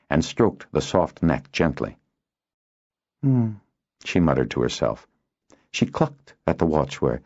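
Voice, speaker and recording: Deep-voiced male audiobook narrator. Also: muffled recording. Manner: steady storytelling delivery. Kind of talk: scripted narration.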